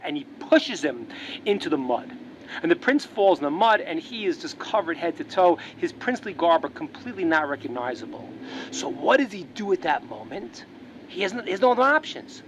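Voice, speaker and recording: A rabbi teaching a religious lesson, telling a parable as an animated storyteller who repeats words as he restarts. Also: a little high, brisk, a little hiss or hum.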